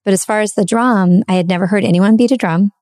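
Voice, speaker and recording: A woman's voice: medium pitch, quick pace, a little mellow, dry recording, studio quality. A woman podcast host in casual conversation, telling a heartfelt personal story in a chatty way, full of fillers.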